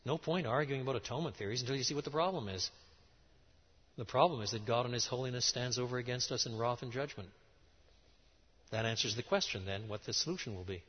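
A middle-aged man preaching a lecture-style sermon, emphatic and animated, with sudden rises and drops in his voice. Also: medium pitch, fast, slightly rough. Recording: dull sound in a large reverberant hall.

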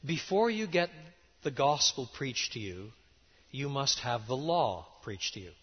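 Husky-voiced preacher in an echoing hall. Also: male voice, mid-range voice, measured pace. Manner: animated, emphatic teaching with sudden rises and drops. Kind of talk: lecture-style sermon. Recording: dull sound in a large reverberant hall.

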